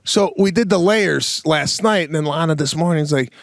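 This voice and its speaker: Animated man telling a story, dry mic. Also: a little high, moderate pace, creaky, no room sound. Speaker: podcast co-host. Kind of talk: casual comedic chat.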